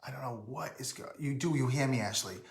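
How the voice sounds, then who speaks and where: A man's voice: mid-range voice, quick pace, reverberant. A man from Rhode Island hosting a casual live stream, rambling and breaking off to greet viewers by name.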